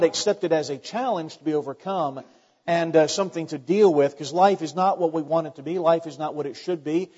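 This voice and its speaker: A pastor preaching a sermon in a conversational way, asking the congregation rhetorical questions and adding joking asides. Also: male voice, a little high, mellow. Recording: dull long reverb in a large hall.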